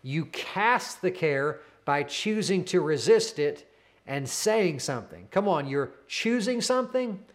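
A man in his thirties preaching with a high, light voice. He presses his point through earnest, repeated declarations, speaking close to the mic. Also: lively intonation, measured pace. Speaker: pastor. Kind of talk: sermon.

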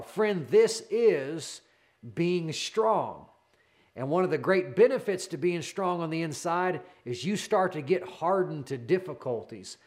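Male preacher, high voice, fervent sermon delivery, repeats his refrains, talks to the listener as a friend. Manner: animated, speeds up when excited.

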